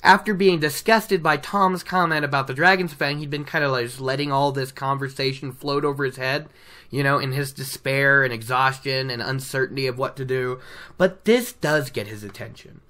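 Casual book recap host, bright timbre, chatty, self-interrupting. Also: medium pitch, fairly even intonation, moderate pace. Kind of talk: casual retelling of a novel from notes.

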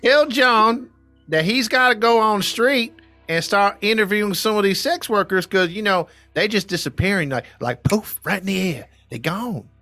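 A man's voice: high voice, moderate pace, bright, forceful tone, dry recording, soft background music, voice pushed up. A lazy, bossy small-town cop with a thick put-on Southern drawl, as a podcast host hams it up. The voice jumps well above his normal register. It is recorded close and dry.

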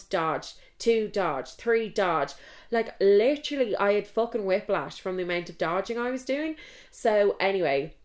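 Irish woman, twenties, chatty, self-mocking, swears freely, slightly low voice. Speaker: podcast host. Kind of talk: casual storytelling.

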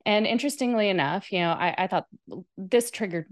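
A woman co-hosting a casual conversation, relaxed and thoughtful, pausing with fillers as she talks. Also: medium pitch. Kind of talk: casual chat.

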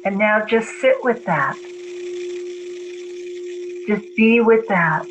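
A woman speaking as a spiritual teacher, calmly guiding breathing and a mantra meditation. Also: medium pitch, muffled recording, noisy background. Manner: slow, calm, guiding.

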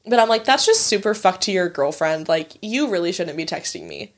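A woman's voice: on the low side, lively intonation, a little fast. A woman in her twenties telling a story in casual chat, swearing freely and acting out what others said. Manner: chatty, swears freely, acts out quoted voices.

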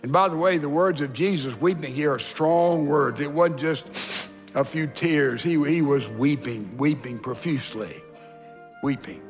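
A man preaching with earnest emphasis, slowing down to press home key words as he reads and explains scripture. His fairly high voice carries a long hall reverb, with soft music faintly underneath. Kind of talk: radio sermon, reading scripture with commentary.

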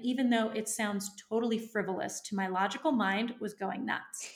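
A woman entrepreneur, a guest in an interview, telling a story in a lively, animated way and acting out her own inner voice. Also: mid-range voice, moderate pace.

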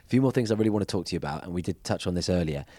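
A male host who asks direct questions and laughs along with his guest. He speaks quickly in a fairly low voice. The sound is dry and close. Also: animated, mellow, dry recording. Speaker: podcast host. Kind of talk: casual interview chat.

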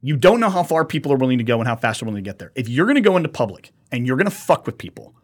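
Male podcast co-host, husky voice, profane and animated storyteller. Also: mid-range voice, racing. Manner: animated storytelling, acts out quotes, swears often. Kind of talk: casual profane podcast chat.

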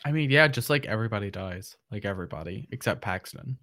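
A man in casual conversation about horror films, animated and quick to react. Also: fairly low pitch, no room sound, studio quality. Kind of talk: casual film discussion.

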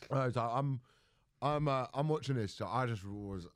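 A young man in casual podcast chat, telling a story with lively acted-out voices and plenty of swearing. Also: mid-range voice, normal speed, clear, resonant tone, dry recording, clean studio sound.

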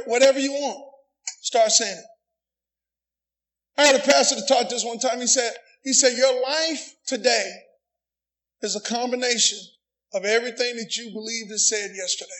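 Middle-aged pastor, a man with a very high, forceful voice who preaches loud and pushes for call-and-response. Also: rough recording. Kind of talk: sermon.

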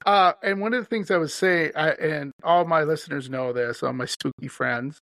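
A man from Wisconsin who hosts a podcast, chatty and animated, telling stories and laughing often. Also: on the high side, moderate pace, no echo. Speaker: podcast host. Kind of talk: casual podcast chat.

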